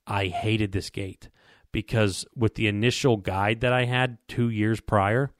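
A man with a fairly low voice tells a long, rambling story in casual chat. He trips over repeated words and slips into quoting the people he met. The sound is dry and close, with no room in it. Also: fairly even intonation, a little slow, no echo. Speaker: podcast co-host telling a hunting story.

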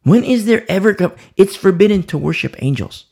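A man preaches a midweek Bible study with a gravelly, husky voice. His pitch swings widely as he presses each point, often repeating a phrase for stress. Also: expressive, brisk, darkish tone. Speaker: Bible teacher.

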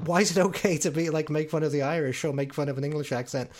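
A man's voice: fairly high pitch, quick pace, darkish tone. A man from abroad co-hosting a music radio show, chatting loosely and swearing freely. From another country. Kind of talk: casual chat.

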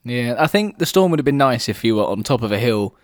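A man's voice: mid-range voice, quick pace, no room sound, clean studio sound. A man co-hosting a podcast in casual chat, laughing often. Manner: chatty, laughs often, lively. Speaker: podcast co-host.

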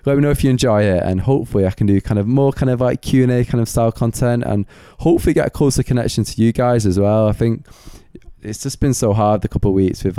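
A man's voice: lowish voice, warm tone, smooth, no room sound, studio quality. A man hosting a solo Q&A podcast late at night, his voice going a bit, rambling with lots of filler words like "kind of" and "like". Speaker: podcast host.

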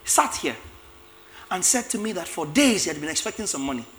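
A man preaching a lively sermon, acting out biblical characters with shouts and laughs. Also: high-pitched, a little fast, slight background noise.

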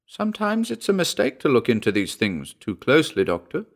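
A man voicing a fussy, indignant middle-aged housekeeper with a sharp, scolding way of talking. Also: mid-range voice, wildly swooping pitch, brisk.

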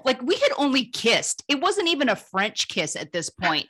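A woman humor writer telling funny personal stories as an interview guest, lively and laughing, her voice jumping up when she reaches the punchlines. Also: high-pitched, moderate pace, few pauses, slightly rough. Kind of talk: animated storytelling in an interview.

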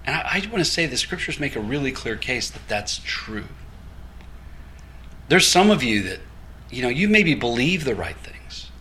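A man's voice: medium pitch, sing-song, moderate pace, sharp tone. A man preaching a sermon, telling a story with quoted dialogue and light laughter. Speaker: guest preacher.

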